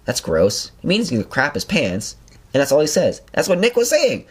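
A man's voice: on the high side, normal speed, breathy edge. A young man hosting a podcast, telling stories in a rambling casual chat with lots of fillers. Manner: rambling, animated storytelling with many fillers. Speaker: podcast host.

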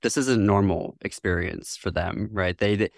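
On a dry, studio-quality recording, a gravelly man with a voice on the low side talks at normal speed as an interview guest. Hailing from Northwest Lower Michigan, US, he reflects thoughtfully, laughs a lot, and performs the voices of people he quotes.

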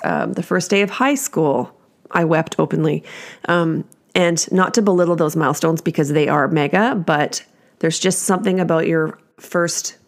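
A middle-aged woman hosting a casual solo podcast from home, chatty and self-deprecating, laughing often as she talks. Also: low-pitched. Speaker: podcast host.

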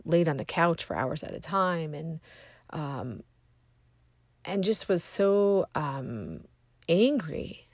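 A woman with a low, gravelly voice tells a personal faith story in an earnest, halting way. She often pauses and restarts as she looks for words. The sound is close and dry. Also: dry recording. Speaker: speaker sharing a personal story.

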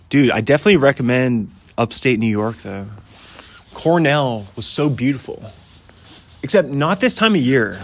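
A man in his thirties hosting a casual solo podcast outdoors in the snow, rambling and chatty, often laughing and saying "dude". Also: medium pitch. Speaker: podcast host.

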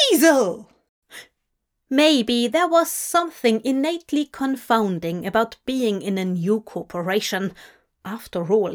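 A woman narrating a fanfic audiobook in a measured, expressive storytelling voice. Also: fairly high pitch. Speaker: audiobook reader. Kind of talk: scripted narration.

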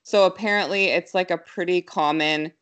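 A young adult woman casually telling a story, quick and animated, full of fillers. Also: lowish voice, clean tone.

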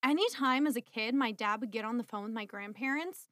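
A woman from Maryland co-hosting a casual podcast chat, playful and jokey with quick reactions. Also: a little high, fairly bright tone, no room sound, studio quality. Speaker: podcast co-host.

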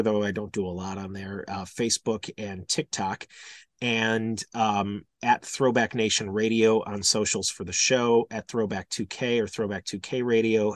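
A man from Wisconsin, a radio host and podcast guest, chatting casually in an animated, joking way. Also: lowish voice, no room sound. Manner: animated, joking, slips into silly voices.

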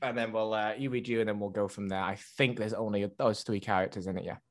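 A man's voice: lowish voice, fairly even intonation, fast. Giggly young man. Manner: giggly, swears, directs the skit. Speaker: podcast co-host. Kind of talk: casual chat.

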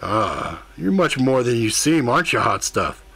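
A brash, crude male demon with a cocky, flirtatious swagger, voiced by a man. The pitch sits at a middling level for a man. This is a storybook character read in a plain speaking voice. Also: very animated, a little slow, gravelly, fairly bright tone, breathy edge, exaggerated voice. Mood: probing.

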